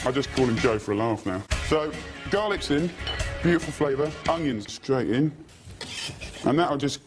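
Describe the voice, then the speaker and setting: Chatty man doing a cooking demo. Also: medium pitch. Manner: chatty, hedges with "sort of" and "kind of". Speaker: TV cook. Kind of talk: cooking demonstration. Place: kitchen. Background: frying and sizzling.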